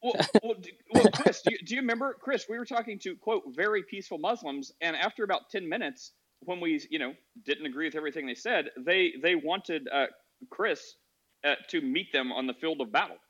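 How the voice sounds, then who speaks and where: A man hosts a casual call-in show, his voice bright and forward. He talks calmly and rambles with fillers. The audio is dull and lo-fi. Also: fairly high pitch, fairly quick. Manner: calm, chatty storytelling with many fillers. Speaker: podcast host.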